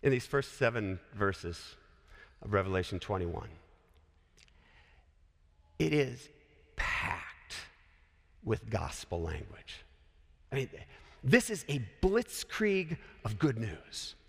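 A man's voice: lowish voice, big pitch swings, slow pace, vocal fry, pauses often. A man from Colorado preaching a sermon in a chapel, conversational and full of joking asides. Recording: echoey hall.

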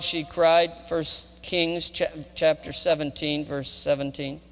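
A man's voice: fairly high pitch, flat delivery, takes it slowly, fairly bright tone. A middle-aged man, a college chaplain, retelling a Bible story in a dramatic sermon. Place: college chapel. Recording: reverberant chapel hall.

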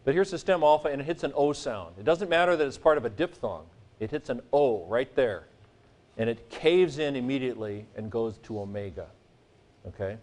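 A man's voice: mid-range voice, moderate pace. Joking man teaching in class. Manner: joking, animated, sings vowel sounds. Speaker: Greek teacher. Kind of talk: classroom lecture.

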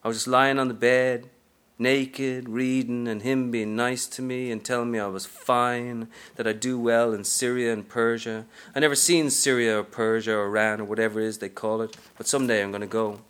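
A man's voice: medium pitch, little pitch movement, moderate pace, hardly any pauses, a bit bright, clean tone, lightly acted. A man reading aloud from a novel, narrating as a brash, streetwise aging woman hustler in a sassy first-person style. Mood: bleak.

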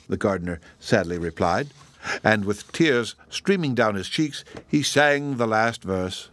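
A man reading a storybook aloud as narrator in an expressive, measured way. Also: lowish voice, dry recording.

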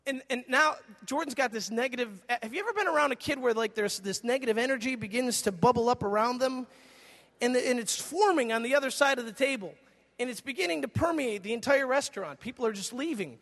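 A middle-aged man preaching a sermon as a pastor, an animated storyteller who acts out dialogue. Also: very high-pitched, a little fast, vocal fry. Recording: long reverb of a large hall.

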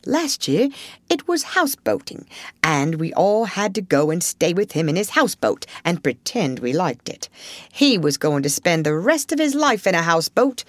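A woman voicing a cheerful, sociable male water rat in a storybook, brisk and hearty. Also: fairly low pitch, no echo.

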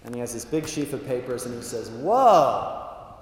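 A male priest telling jokes in a chatty, animated way, full of fillers, in a large hall. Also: medium pitch, quick pace, a little hiss or hum. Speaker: priest speaker. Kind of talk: humorous talk with jokes. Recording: echoey hall with long reverb.

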